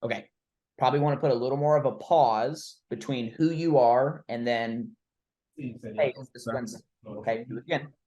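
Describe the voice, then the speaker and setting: A man's voice: medium pitch, fairly quick, mellow, lo-fi sound. A man coaching a trainee through cold-call role-play, blunt and informal, with the odd swear word. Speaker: recruiting coach.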